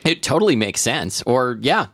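A man's voice: medium pitch, sing-song, normal speed, fairly bright tone, no echo, clean studio sound. A man co-hosting a comedy podcast, chatting casually with wry, hesitant stammers. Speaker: podcast co-host. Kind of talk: casual comedic chat and mock reading.

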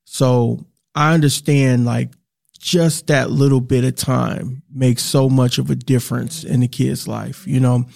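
A man's voice: medium pitch, fairly even intonation, unhurried, gravelly, darkish tone, no room sound, clean studio sound. A man who teaches podcasting, speaking reflectively in casual talk with many fillers. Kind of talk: casual chat.

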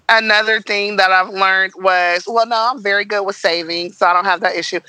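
Woman, restaurant owner, podcast guest, bright voice, dry close sound, laughs a lot, casual storytelling. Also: mid-range voice, dry recording, poor audio. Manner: animated, laughs often while telling stories.

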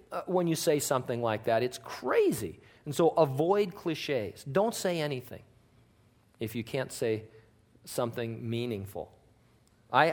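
Man preaching a chatty, joking sermon. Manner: conversational and joking, with wide swings in pitch and loudness. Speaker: pastor. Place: church.

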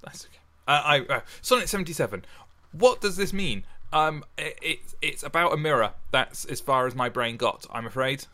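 A man's voice: on the high side, expressive, moderate pace, pushed and bright. A man co-hosting a podcast, reading a sonnet aloud and then chatting in a giggly, self-deprecating way. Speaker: podcast co-host. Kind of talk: casual chat and poetry reading. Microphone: headphones and studio microphone.

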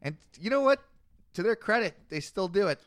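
Brief: male podcast host, high smooth voice, dry close mic, reads verses then cracks jokes. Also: animated, a little fast, dry recording. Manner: reads scripture aloud then riffs, laughs often. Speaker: podcast host reading the Bible. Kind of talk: casual comedic chat.

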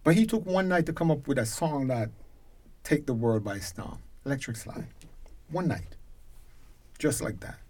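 Jamaican man, husky voice, medium pitch, animated storyteller, guest on a talk show. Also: moderate pace, long pauses. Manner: lively storyteller who grows loud and emphatic. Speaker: guest, reggae concert promoter.

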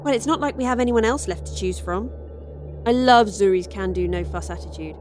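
A woman reading a horror story aloud as a wry, expressive first-person narrator. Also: medium pitch, a little fast, slight background noise. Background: faint music score.

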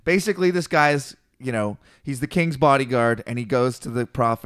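A man's voice: mid-range voice, normal speed, hardly any pauses, fairly bright tone, smooth. A man casually reading a scripture passage aloud and retelling it in slangy, swearing asides, mimicking the figures. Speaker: podcast co-host reading scripture.

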